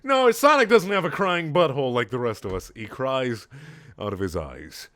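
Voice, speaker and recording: A man reading a story aloud in a sarcastic, deadpan way, with mocking asides. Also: mid-range voice, normal speed, no echo, clean studio sound. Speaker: comedic reader.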